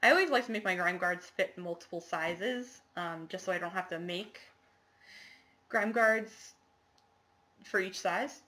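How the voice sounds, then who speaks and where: A woman's voice: on the low side, a little slow, long pauses, pushed and bright. A woman chatting casually to the camera in a show-and-tell video, rambling with lots of fillers and apologies. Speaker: cross-stitch vlogger.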